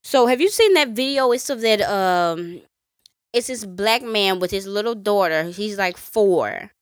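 A woman's voice: mid-range voice, expressive, no echo, studio quality. Woman retelling stories on a podcast. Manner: conversational, recounting stories with frequent fillers and quick asides. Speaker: podcast co-host. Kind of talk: casual storytelling chat.

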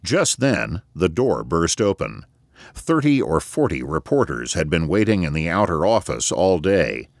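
A man narrating an audiobook in an expressive, measured storytelling manner, recorded on a close studio mic. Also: low voice, vocal fry, no echo.

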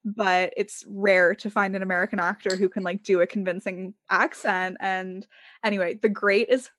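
A woman's voice: mid-range voice, fairly even intonation, moderate pace, a bit bright, a little hiss or hum. A young woman from Canada co-hosting a podcast, chatting casually with lots of "like" fillers and frequent laughs. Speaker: podcast co-host. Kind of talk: casual chat.

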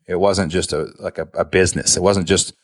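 Earnest low-voiced man telling his story. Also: fairly even intonation, brisk, no room sound. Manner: earnest, emotional, often says "man". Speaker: guest, online business founder. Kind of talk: candid storytelling in conversation.

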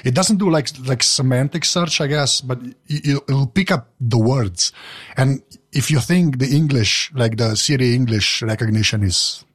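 Male panelist, husky, anecdotal and rambling. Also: medium pitch, moderate pace. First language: Slovene. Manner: rambling, anecdotal, many fillers. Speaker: podcast panelist. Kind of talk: casual chat.

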